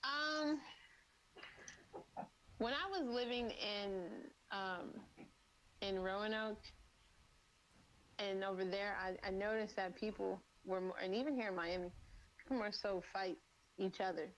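Interview guest, female, blunt and profane, animated storyteller who acts out dialogue. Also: mid-range voice, unhurried, long pauses, rough recording. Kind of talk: casual interview chat. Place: lives in Miami.

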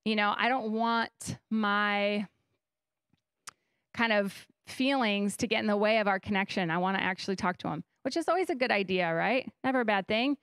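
A young woman, a guest pastor, gives a conversational sermon on a church stage, animatedly telling stories and acting out her own thoughts. Her voice is medium-pitched, a bit bright, clear and resonant, at a moderate pace. The sound is studio quality, with no room sound.

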